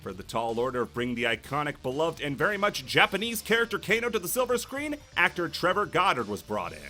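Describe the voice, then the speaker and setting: A man's voice: on the high side, big pitch swings, quick pace, sharp tone, faint music behind. A man hosting a comedic video essay, narrating with sarcastic, jokey asides.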